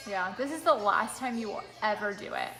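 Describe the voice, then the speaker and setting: A woman's voice: mid-range voice, lively intonation, brisk. A woman vlogging casually with her husband while he lays tile at home. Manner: chatty, easygoing. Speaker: vlog host, mom and homeschool teacher. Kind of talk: casual chat. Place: home under renovation, indoors. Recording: echoey room with music.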